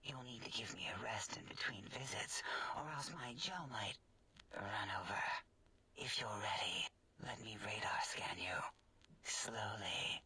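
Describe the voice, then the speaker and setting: An actress voicing a flustered, breathy female scientist brain in a game, in a whispered role-play. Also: extremely low pitch, unhurried, pushed and bright, distant mic, heavily acted, poor audio.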